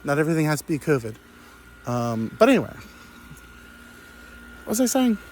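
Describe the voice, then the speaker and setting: A man's voice: on the high side, big pitch swings, normal speed, darkish tone. A young man hosting a comedy podcast, telling a crude, self-mocking story full of digressions. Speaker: podcast host. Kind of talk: rambling comic storytelling.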